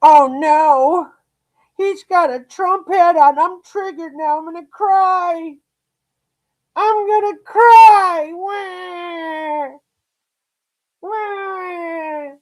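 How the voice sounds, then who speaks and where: A whiny, mock-triggered grown crybaby, played for laughs by a man wails in a high, shrill voice that breaks into sobs. The wails drag out slowly and climb well above a normal speaking voice. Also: exaggerated voice. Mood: mock sobbing. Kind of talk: mocking put-on on a live stream.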